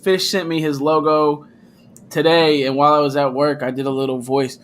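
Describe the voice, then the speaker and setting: A man hosting a casual comics livestream, talking in an animated, slangy, hyped way. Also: on the high side, normal speed, slight background noise. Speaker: host.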